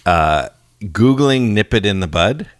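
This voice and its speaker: A man co-hosting a podcast in casual chat, easygoing and quick to laugh, with plenty of fillers. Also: lowish voice, animated, no echo. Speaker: podcast co-host.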